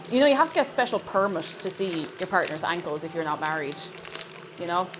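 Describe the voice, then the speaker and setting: Over music, a woman with a lowish voice talks fast while baking on a live stream. Her casual chatter swings from excited squeals and shouts to quiet mumbling and laughs.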